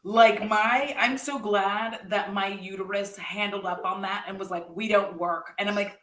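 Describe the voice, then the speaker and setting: Animated woman host in an echoey room. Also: mid-range voice, normal speed. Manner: animated, laughs often, blunt and swears. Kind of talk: casual chat. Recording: echoey room, mic at a distance.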